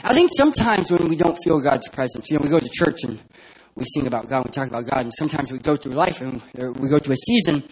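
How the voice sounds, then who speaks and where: A man's voice: a little high, lively intonation, quick pace, darkish tone, slightly rough, low-quality recording. A man from San Diego, California, giving a humorous sermon as a guest preacher and telling self-deprecating stories about himself. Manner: self-deprecating, joking storyteller. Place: church.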